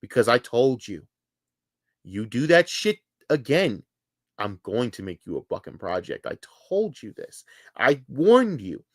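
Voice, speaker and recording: Profane, heated livestreamer ranting. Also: male voice, mid-range voice, very animated, a little slow, no room sound, clean studio sound. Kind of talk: angry livestream rant.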